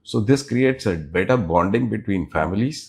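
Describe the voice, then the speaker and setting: A middle-aged man speaks in a fairly low voice. He answers interview questions as a business leader, explaining his points in a measured way and pausing between phrases. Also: expressive, vocal fry. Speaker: business unit head, interview guest.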